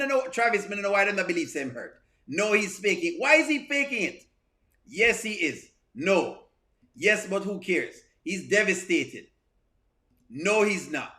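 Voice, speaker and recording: A man with a high, bright voice hosts a live reaction stream. He reads viewer comments aloud, circling back over the same phrases with stammered restarts.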